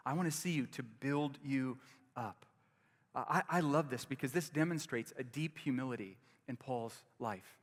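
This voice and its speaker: A man's voice: mid-range voice, in a large hall. A man preaching a sermon as pastor, earnest and repetitive, often restarting his phrases.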